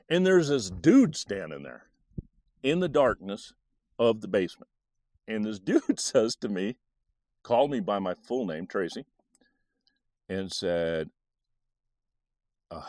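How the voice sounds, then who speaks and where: In a close recording with no echo or room sound, a middle-aged man shares a childhood memory. He stops and restarts his phrases often, yet his pitch rises and falls in a lively sweep.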